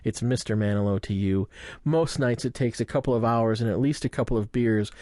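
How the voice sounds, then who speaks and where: A man's voice: medium pitch, brisk, mellow, no room sound. Young guy narrating his memoir, wry and self-mocking, dry close sound. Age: young adult. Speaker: audiobook narrator. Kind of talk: first-person memoir narration.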